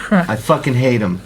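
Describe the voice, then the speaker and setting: A man's voice: medium pitch, very noisy. A man co-hosting a podcast, reacting to a video in casual chat, profane, exasperated and emphatic. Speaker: podcast co-host.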